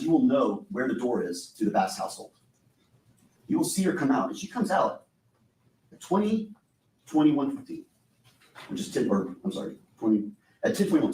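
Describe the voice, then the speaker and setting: A man delivers a courtroom closing argument at a brisk clip, hammering his points again and again. His voice carries from far off in an echoing room with a faint hum of ambience. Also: medium pitch, a little mellow. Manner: urgent, insistent, repetitive. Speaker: defense attorney. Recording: echoey courtroom audio from a distance.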